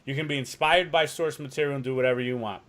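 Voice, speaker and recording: Male podcast co-host, mid-pitched, loose and rambling, swears casually. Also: fast, a bit bright. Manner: rambling, swears freely, acts out quotes. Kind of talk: casual chat.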